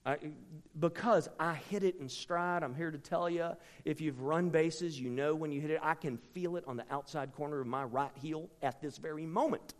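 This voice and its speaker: A middle-aged man delivers a storytelling sermon in a slightly high voice. He swings from hushed, confiding asides to sudden shouts. His words echo with the long reverb of a large hall. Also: normal speed.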